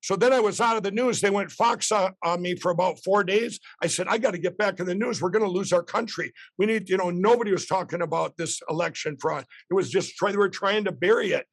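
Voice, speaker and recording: A man's voice: sits high, fast talker, hardly any pauses. A middle-aged man telling a long story as a podcast guest, rambling with restarts and acting out quotes. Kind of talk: animated storytelling.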